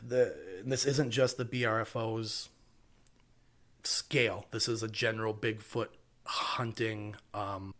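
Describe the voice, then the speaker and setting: A man from Wisconsin co-hosting a casual podcast, his voice sitting a little low. He rambles loosely, leaning on fillers as he works through his notes. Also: slow. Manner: relaxed, rambling with many fillers. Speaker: podcast co-host.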